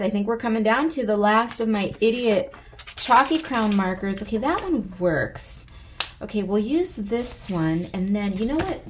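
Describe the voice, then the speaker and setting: A young woman hosting a coloring channel chats playfully and theatrically to her viewers as she colors in a casual vlog. Her voice is medium-pitched, and the background is noisy.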